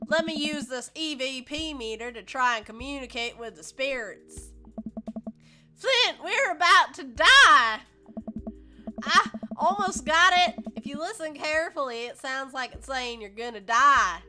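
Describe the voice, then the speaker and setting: A woman voicing a panicking male trucker and ghost hunter, with a put-on rural drawl and frantic, drawn-out yelling. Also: sits high, expressive, voice pushed up, heavily acted. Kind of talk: reading a game aloud in character. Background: loud game music.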